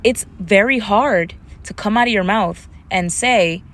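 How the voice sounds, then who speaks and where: A woman talks through a solo podcast in an easy, conversational way, her African American English accent coming through. She's animated and expressive, often dropping into playful voices to act out what others said. Her voice sits at an ordinary middle pitch. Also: measured pace, hardly any pauses. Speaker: podcast host. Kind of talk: casual solo podcast talk.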